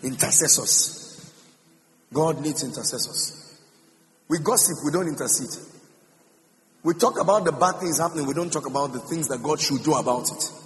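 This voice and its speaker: A man's voice: a little high, brisk, fairly bright tone, slight background noise. A man preaching a sermon as pastor, emphatic, repeating phrases and singing some lines out. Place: church hall. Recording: reverberant hall with music behind.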